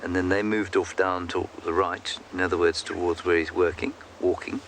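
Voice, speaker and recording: A man working as a safari guide, giving calm, explanatory live commentary outdoors in the bush. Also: low-pitched, moderate pace. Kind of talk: live game-drive commentary. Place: outdoors in the bush on a game drive. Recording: outdoor ambience noise.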